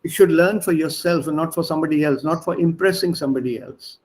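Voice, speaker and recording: In a rough recording, a man with a somewhat high voice teaches an online language class over a video call, talking fast. He repeats and spells out words and coaxes his students to speak.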